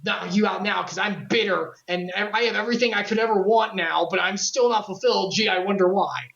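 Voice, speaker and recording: A woman's voice: medium pitch, fairly quick, creaky, a bit bright, reverberant, dull audio. A woman playing a bitter, sneering young anti-hero. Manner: sarcastic and sneering.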